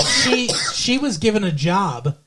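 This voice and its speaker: A man's voice: high voice, big pitch swings, slow, crowd noise. A man co-hosting a podcast, recapping a TV episode in loose, profane, rambling casual chat. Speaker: podcast co-host.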